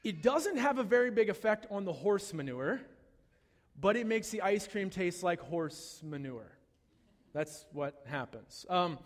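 Man, pastor, high voice, lively conversational sermon, long hall reverb. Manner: animated and conversational, with jokes and asides to the congregation.

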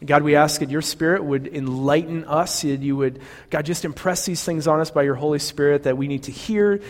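A man's voice: fairly high pitch, fairly quick, long reverb tail. A male pastor preaching a sermon in an earnest, conversational way, full of fillers and restarts.

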